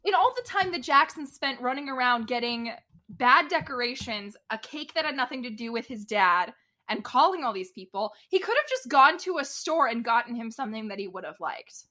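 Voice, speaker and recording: High, bright-voiced woman in animated chat. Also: a little fast. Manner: animated, exasperated retelling with mock-voiced quotes and laughter. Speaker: podcast co-host recapping a TV episode. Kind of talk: casual chat.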